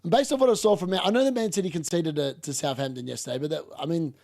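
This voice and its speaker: A man hosting a live football watchalong, chatting casually and reacting excitedly to the game. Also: a little high, very fast, gravelly. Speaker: watchalong host.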